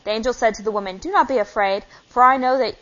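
A woman's voice: a little high, fast. A young woman giving an informal, chatty sermon and reading scripture, acting out conversations as she goes. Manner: chatty and animated, acting out dialogue. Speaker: lay preacher. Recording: dull lo-fi recording.

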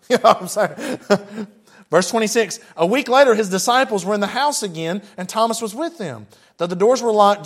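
A man with a high-pitched, fairly bright voice preaches a sermon and reads Bible passages aloud. He often breaks off for chatty asides, addressing his listeners in a plain, conversational manner.

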